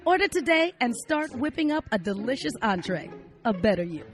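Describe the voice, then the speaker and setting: A woman playing a prim, proper self-help author giving a chirpy sales pitch. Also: sing-song, fairly quick, over music.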